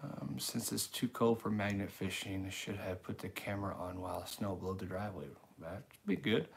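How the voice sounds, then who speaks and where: Livestream host, male, middle-aged, lowish voice, rambling and easygoing as he reads chat aloud. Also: normal speed, creaky. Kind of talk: casual live-stream chat reading comments.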